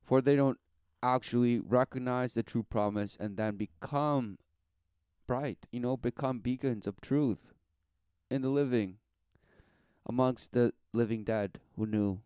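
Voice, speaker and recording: A man's voice: medium pitch, a little slow, a little mellow, clear, resonant tone, dry recording. A man giving a rambling, sarcastic, preachy commentary as he reacts to a podcast clip. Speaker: religious commentator.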